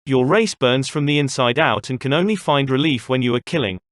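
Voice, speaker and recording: A man's voice: medium pitch, fairly quick, fairly bright tone, no room sound, clean studio sound, natural voice. A man voicing a haughty, sneering old nobleman in an audiobook.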